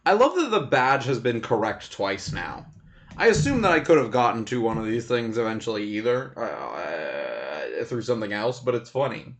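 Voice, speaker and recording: Guy streaming a game, chill rambly commentary, lively pitch, quiet music behind. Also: moderate pace. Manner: relaxed and rambling. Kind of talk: casual gameplay commentary.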